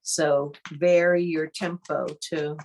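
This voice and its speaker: Low-voiced woman running an online art class, takes her time, thinks out loud as she goes. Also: a little hiss or hum. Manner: calm, unhurried, thinks aloud while demonstrating. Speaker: art workshop instructor. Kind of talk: online interactive workshop teaching.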